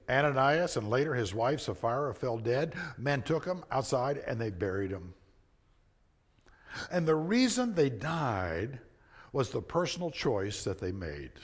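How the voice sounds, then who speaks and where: A man preaching a sermon, earnest and conversational, swinging between emphatic points and hushed, quiet asides. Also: mid-range voice. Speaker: pastor.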